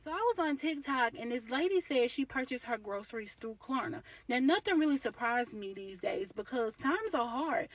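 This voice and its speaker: A woman's voice: fairly high pitch, no room sound, far from the mic. A woman vlogging sincerely and encouragingly while shopping in a large store.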